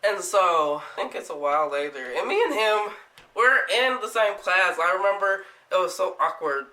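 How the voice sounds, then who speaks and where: A young woman vlogger telling a story in casual chat, animated, laughing often and swearing freely. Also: lowish voice, normal speed, reverberant, poor audio.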